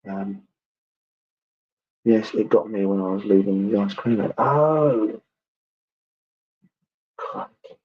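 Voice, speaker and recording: A man giving a clairvoyant reading at a church service, chatty and halting, with many ums and asides. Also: fairly low pitch, breathy edge, muffled recording. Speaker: spiritualist medium.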